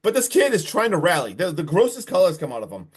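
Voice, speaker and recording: A young man co-hosting a podcast, casually recapping a horror film in a rambling, animated way with lots of filler words and mild swearing. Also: high voice, fast, slightly rough. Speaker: podcast co-host reviewing a film.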